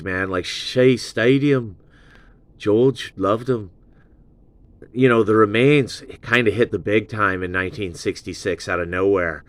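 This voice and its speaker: A man with a lowish voice talks through an album review in a casual, digressive way, drifting from one aside to the next. The sound is dry and close, with no room around it. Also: dry recording. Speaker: host.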